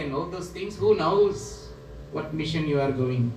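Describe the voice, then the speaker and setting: A man speaking as a guru, giving a spiritual talk in slow, repetitive, emphatic phrases. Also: on the high side, slight background noise. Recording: roomy echo, voice from a distance.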